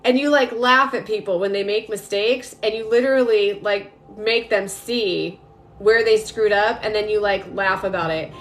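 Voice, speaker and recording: A woman's voice: medium pitch, normal speed, a bit bright. A young adult woman, a spiritual energy coach, talking casually and directly to viewers on a live stream. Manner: chatty, rambling, addresses viewers directly. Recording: faint music behind.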